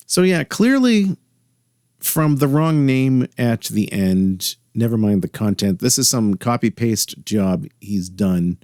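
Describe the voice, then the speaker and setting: A man's voice: on the low side, a little mellow, dry recording. A man hosting a solo podcast, talking in a dry, sardonic way with wry asides. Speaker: podcast host.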